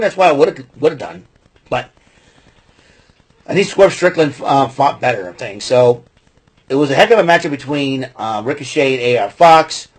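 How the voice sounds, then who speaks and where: A man's voice: medium pitch, breathy edge. A man hosting his own podcast, recapping a wrestling show in a rambling, opinionated way with many fillers. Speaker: podcast host.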